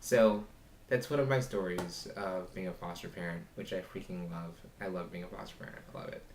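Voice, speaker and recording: Deep-voiced man telling a vlog story. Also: steady tone, a little fast, echoey room, a little hiss or hum. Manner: rambling retelling, acting out both sides of a dialogue. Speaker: foster parent and vlogger.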